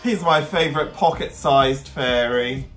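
A man's voice: medium pitch, measured pace, fairly bright tone. A man with a mid-range voice co-hosts a music reaction. He drops in short, enthusiastic quips in a casual tone while a song plays faintly in the background.

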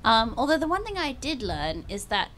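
A woman's voice: a little high, big pitch swings, moderate pace, fairly bright tone. Young female author, transatlantic accent, chatty with fillers, light background noise. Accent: mixed British and American. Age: young adult. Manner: chatty, self-deprecating, many fillers. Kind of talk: talk Q&A answers. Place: outdoor bookshop event.

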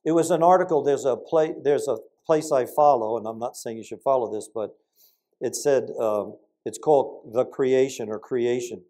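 Preaching at a moderate pace and medium pitch, an older man tells stories in an animated sermon. He shifts from sudden loud peaks into quiet asides.

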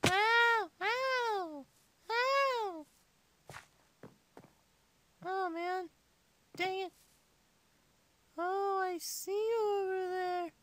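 Squeaky little boy gamer, whiny and rude; very high, unhurried delivery. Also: level tone, slight background noise. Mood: childish. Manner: whiny, silly rambling play commentary. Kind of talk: comedic game play-along.

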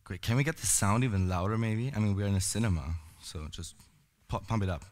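A hoarse, cold-roughened man gives a loose, rambling conference talk, full of fillers and false starts. His voice sits fairly low. The sound rings with the long reverb of a cinema hall. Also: a little fast. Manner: rambling, many fillers and restarts. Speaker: conference speaker.

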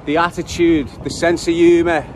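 A man with a strong Liverpool accent and a high voice chats away to his viewers while riding through a city centre, swearing freely. Loud street noise and traffic sit right under his voice. He talks in a loose, running vlog style. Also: little pitch movement, normal speed. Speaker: vlogger giving a city tour. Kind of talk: casual walking-tour vlog.

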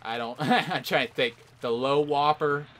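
A man's voice: on the high side, a little slow, a bit bright, slight background noise. A man giving live commentary over an online shooter match, hurling theatrical mock-outraged insults at opponents. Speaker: gameplay commentator.

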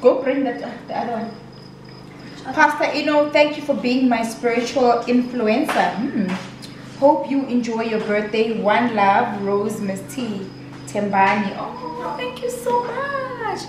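A woman's voice: fairly high pitch, unhurried. Gushing South African woman in an echoey room. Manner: gushing, emotional, chatty. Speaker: vlogger. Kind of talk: casual vlog chat. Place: home. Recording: echoey room, mic at a distance, steady noise.

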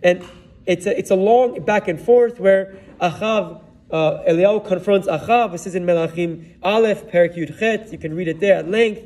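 A man's voice: high voice, normal speed, a little mellow, far from the mic. A man, a rabbi, retelling a Bible story in a sermon and weaving Hebrew terms and verses into his telling. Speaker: rabbi giving a Torah talk.

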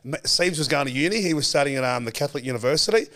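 Australian man, forties, quick talker, lively yarn-spinner, casual podcast chat. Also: a little high. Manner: animated storyteller, acts out quoted voices, laughs often. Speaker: podcast guest, former footballer.

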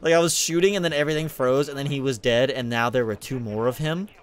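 A young man gaming with a friend, loud and profane, flipping between raging at opponents and apologizing. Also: medium pitch, fast talker, slight background noise. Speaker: gamer streaming with a friend. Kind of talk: casual gaming banter.

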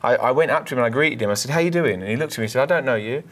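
Fast-talking man telling a testimony. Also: mid-range voice. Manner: animated storyteller, repeats words when excited. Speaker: minister and co-host. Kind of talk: conversational preaching, testimony.

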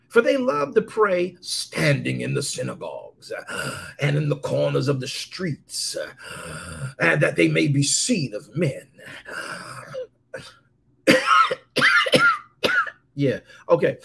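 A man preaching a sermon, reading scripture slowly and calling out to his congregation. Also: a little high, gravelly, fairly bright tone, breathy edge. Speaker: pastor.

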